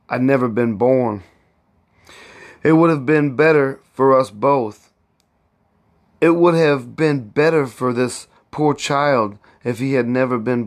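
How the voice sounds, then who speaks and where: A man's voice: medium pitch, lightly acted. A man reading aloud as a desperate young husband who speaks mournfully and earnestly.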